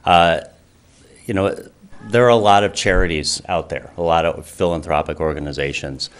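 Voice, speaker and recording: Low-voiced man giving a heartfelt pitch. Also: normal speed. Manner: earnest, many fillers and restarts. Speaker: charity founder presenting to council. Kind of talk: public comment speech.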